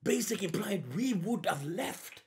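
A man hosting a live manga reaction, excitable and full of slang, breaking into shouted bursts of reaction. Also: high-pitched, normal speed, slight background noise. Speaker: reaction video host.

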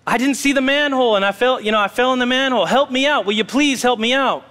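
A desperate, high-pitched man calls up from a manhole, as a preacher puts him on. His frantic pleas ring through a long church reverb. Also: quick pace, pushed and bright. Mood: pleading. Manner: frantic, pleading calls for help. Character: panicked man stuck down a manhole, pleading.

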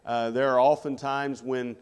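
A man's voice: medium pitch, little pitch movement, a little slow, smooth, in a large hall. A man preaching a sermon in a conversational way, putting rhetorical questions to the congregation. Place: church sanctuary.

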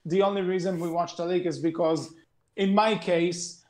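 Chatty man with a slightly high voice. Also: steady tone, moderate pace, darkish tone. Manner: chatty, rambling, hedging. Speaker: podcast co-host. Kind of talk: casual podcast chat.

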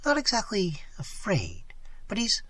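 An audiobook reader voicing a nervous young woman on an expedition, speaking softly and half in whispers. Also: medium pitch, wildly swooping pitch, measured pace, dry recording, voice pushed up, exaggerated voice. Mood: uneasy. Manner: soft, breathy, half-whispered.

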